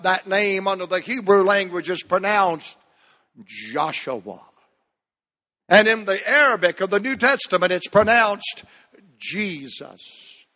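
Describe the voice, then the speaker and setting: High-voiced preacher in a reverberant church. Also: male voice, pushed and bright. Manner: slow emphatic preaching, drawn-out words. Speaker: pastor. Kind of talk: sermon. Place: church sanctuary.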